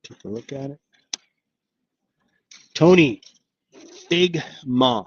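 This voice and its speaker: Man, live-stream host, casual and upbeat, rambling fillers, mid-pitched, dry close sound. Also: animated, drawn-out words, husky, no echo, muffled recording. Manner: chatty, upbeat, thinks aloud with many fillers. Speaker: investing channel host.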